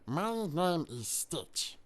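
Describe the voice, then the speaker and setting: A man voicing a small, scruffy alien creature with a croaky, childlike voice, slightly off-mic. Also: on the high side, very animated, very slow, full character voice. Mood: earnest.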